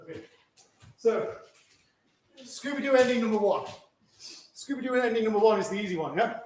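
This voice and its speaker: A man's voice: high-pitched, expressive, normal speed, a little mellow, a little hiss or hum. A man teaching a karate class, giving instructions and checking in with a frequent "yeah?". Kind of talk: teaching a martial arts class. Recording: echoey room from a distance.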